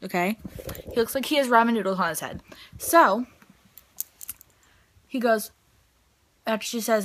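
A woman's voice: fairly high pitch, moderate pace, pauses often, a bit bright. A young woman vlogging in a chatty, rambling way, full of "like" and "um". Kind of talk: casual vlog chat.

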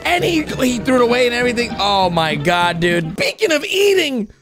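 A young man hosting a reaction video, commenting excitedly on cartoons, shouting and gasping at the surprises and talking straight to his viewers. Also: high-pitched, fairly quick, over music.

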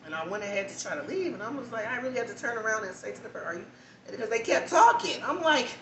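A man's voice: very high voice, rapid-fire. Man telling a story in an echoey room. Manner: animated, candid storytelling with asides. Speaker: vlogger. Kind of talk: storytime monologue. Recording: echoey room, distant mic, background noise.

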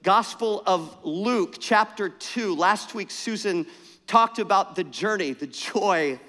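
High-voiced pastor telling a story in a hall. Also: male voice, slow pace. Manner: animated, self-mocking, conversational. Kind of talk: storytelling sermon. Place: church sanctuary. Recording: church hall reverb.

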